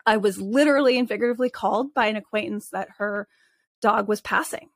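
A woman, an animal communicator, telling personal stories in a casual, expressive interview manner with frequent restarts. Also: medium pitch, fast, no echo.

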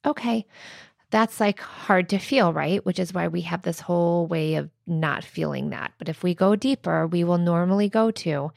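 A woman therapist talks through a method in relaxed, chatty podcast style. Her voice sits a little low, with a gravelly fry, and the recording is close and dry. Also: moderate pace, no room sound. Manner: conversational, frequent "like" and "right?", laughs lightly. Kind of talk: casual explanatory chat.

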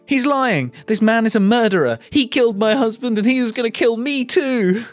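A man's voice: expressive, normal speed, no echo, soft background music. A man voicing a distraught woman in her thirties, reading her lines in a melodramatic way. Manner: melodramatic, high put-on voice.

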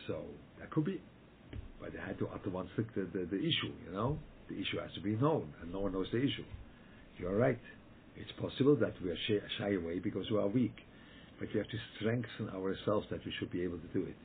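A man's voice: low-pitched, expressive. A man leading a Torah study group over a video call, speaking emphatically and repeating himself, often restarting his sentences. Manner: emphatic, repetitive, halting with frequent restarts. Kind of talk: Torah talk over a webinar. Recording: tinny phone-like call audio with faint noise.

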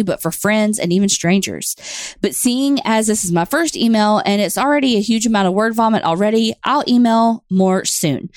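A woman co-hosting a podcast, chatting and reading out a listener's story in a plain, steady way. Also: medium pitch, no room sound, clean studio sound. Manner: reads letters aloud in a plain, steady way. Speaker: podcast co-host. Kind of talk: casual chat and reading listener stories.

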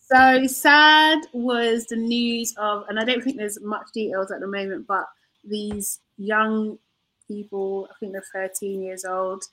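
A woman's voice: medium pitch, fairly even intonation, slow pace, a bit bright, rough recording. A woman co-hosting a casual podcast, chatty and laughing easily, often trailing off mid-sentence. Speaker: podcast co-host. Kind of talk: casual chat.

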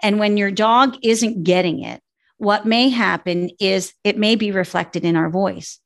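Woman dog trainer, gravelly edge, steady explainer tone, podcast chat. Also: mid-range voice, unhurried.

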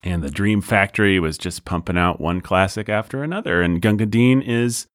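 A man's voice: low-pitched, normal speed, dry recording, studio quality. A man hosting a movie podcast in casual chat, playful and emphatic, leaning up on key words. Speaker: podcast host.

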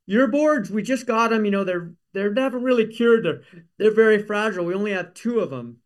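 Anxious props crew guy, high-pitched and pleading , as a storyteller puts him on. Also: lively intonation, brisk. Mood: fussy. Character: fretful male movie props crew guy. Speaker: crew member.

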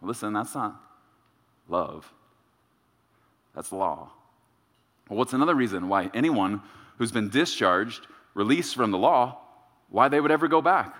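A male pastor delivering a sermon, emphatic and repetitive, with dramatic pauses. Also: fairly low pitch, expressive, fairly bright tone. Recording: reverberant church sanctuary.

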